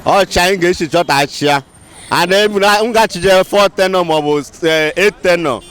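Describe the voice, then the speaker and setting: A young man answering a street interviewer, halting and switching between languages. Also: high-pitched, a bit bright, smooth. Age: young adult.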